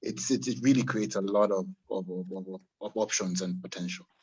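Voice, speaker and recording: A man from Uganda who makes chocolate with farmers, answering a panel question haltingly over a video call and repeating words. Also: deep voice, steady tone, a little mellow, slightly rough, poor audio. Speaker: chocolate maker working with farmers.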